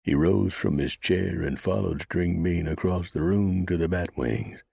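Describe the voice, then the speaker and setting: A man reads a western novel in a very deep, gravelly voice with a husky grain. His measured narration is recorded dry and close to the mic. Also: dark tone, no echo. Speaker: audiobook narrator.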